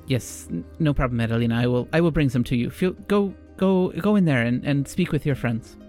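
A man voicing a kind older woman who runs a big family house, speaking gently. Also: medium pitch, brisk, soft background music, close to an everyday voice. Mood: motherly.

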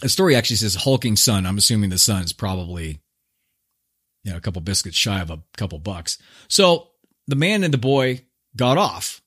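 A man's voice: mid-range voice, fairly bright tone, slightly rough. A man hosting his own podcast, retelling an old fable in a laid-back, slangy, joking way. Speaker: podcast host. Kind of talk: casual storytelling monologue.

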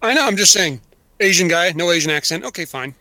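A man co-hosting a podcast in animated casual chat, with a high, bright voice. He often slips into mock voices to act out quotes. The sound is dry and close. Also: fast, no room sound. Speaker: podcast co-host.

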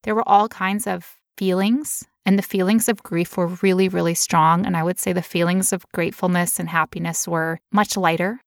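A woman's voice: fairly low pitch, fairly even intonation, normal speed, creaky, few pauses, no room sound, studio quality. A woman telling a personal story in casual chat, candid and emotional, now and then putting on playful voices.

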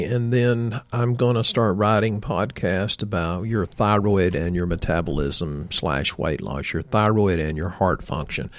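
A man's voice: on the low side, no room sound. Folksy man hosting a health podcast. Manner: folksy storyteller, addresses listeners directly. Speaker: podcast host and health practitioner.

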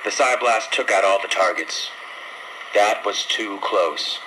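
A man's voice: fairly low pitch, a little slow, noisy background. A man voicing a shaken male alien soldier reporting over a radio link.

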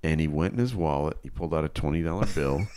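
A man co-hosting a casual podcast, telling stories and joking with animated outbursts. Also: extremely low pitch, fast, slight background noise. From Chicago area, Illinois. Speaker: co-host.

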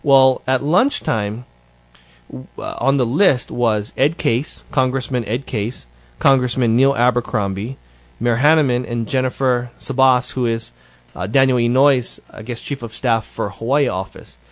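A man hosts his show in a casual solo update, talking in a loose, rambling way and often correcting himself mid-sentence. His voice sits at an ordinary middle pitch. The recording is dry and close, with no room echo. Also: unhurried. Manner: rambling, conversational, with frequent self-corrections. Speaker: show host.

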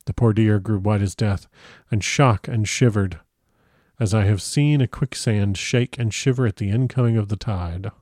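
A man narrating a classic novel in a measured, grave storytelling manner on a close microphone. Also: on the low side, a little mellow, dry recording. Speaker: audiobook narrator.

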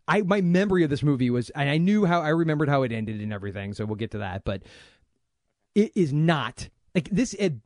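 A man's voice: a little high, lively intonation, a little fast, darkish tone, no echo, studio quality. A man with a Southern US accent co-hosting a podcast in casual chat, joking, laughing often and rambling. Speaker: podcast co-host.

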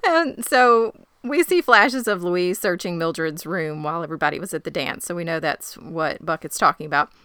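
A woman's voice: fairly low pitch, normal speed, few pauses, fairly bright tone, clean tone, dry recording, studio quality. A woman co-hosting a podcast, recapping a TV episode in casual chat, enthusiastic and emphatic with frequent laughs. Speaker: podcast co-host.

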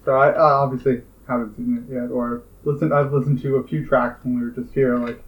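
A man's voice: medium pitch, flat delivery, a little fast, low-quality recording. A Canadian man co-hosting a podcast, talking hesitantly with many fillers in casual chat. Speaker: podcast co-host.

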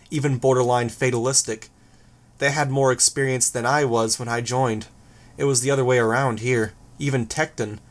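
A man narrating a first-person novel in an even, measured reading. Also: medium pitch. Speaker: audiobook narrator.

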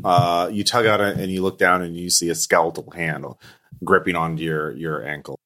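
A man's voice: deep voice, fairly even intonation, moderate pace, fairly bright tone. A man narrating a tabletop game as game master, with hesitant fillers between descriptions.

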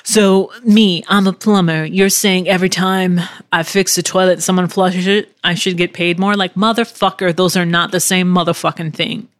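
A woman's voice: on the low side, steady tone, moderate pace, few pauses, no room sound, natural voice. A woman voicing an indignant male plumber who swears bluntly and sounds exasperated.

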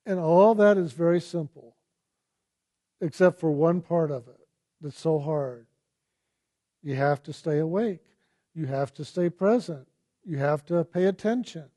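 A man giving a reflective spiritual talk, telling personal stories and asking gentle, searching questions. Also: high-pitched. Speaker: spiritual teacher.

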